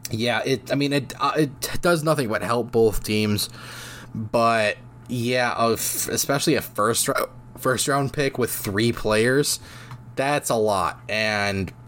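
A man's voice: fairly low pitch, a bit bright. A man hosting a solo hockey podcast, talking casually with lots of fillers and restarts while he has the hiccups. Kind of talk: solo sports podcast talk.

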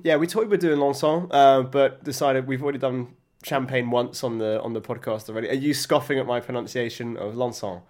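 A man's voice: medium pitch, fairly even intonation, fairly quick, a little mellow. A man co-hosting a casual podcast, talking in a hesitant way with frequent stammers and restarts. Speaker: podcast co-host. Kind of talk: casual chat.

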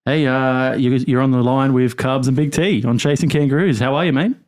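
A man's voice: mid-range voice, steady tone, fairly quick, darkish tone. A man co-hosting a call-in podcast, chatting casually with lots of "you know" fillers. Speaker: podcast co-host.

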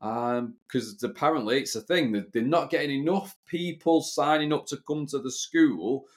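Sardonic, grumbling podcast co-host. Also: male voice, medium pitch. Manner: grumbling, sardonic, hesitant with fillers. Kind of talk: casual chat recapping a TV soap.

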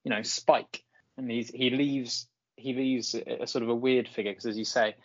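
A man's voice: mid-range voice, fairly even intonation, moderate pace, dry recording, muffled recording. A man co-hosting a football podcast, talking casually with lots of fillers and restarts. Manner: chatty, many fillers and restarts. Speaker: podcast co-host.

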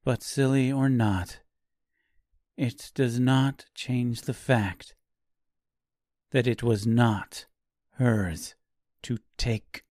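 A cold, stern young woman of the forest, put on by a man reading a dark storybook, speaking low and hushed with a mocking calm. The delivery is slow and unhurried, and the dry recording has no room sound. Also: no room sound.

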